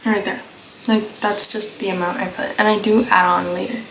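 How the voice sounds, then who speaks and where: Rambling, slightly hoarse young woman vlogging. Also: medium pitch, little pitch movement, fairly quick, a bit bright. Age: young adult. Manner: rambling, filler-heavy, offhand. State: slightly hoarse, coming down with a cold. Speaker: beauty vlogger. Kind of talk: casual makeup tutorial chat. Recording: echoey room with clear background noise.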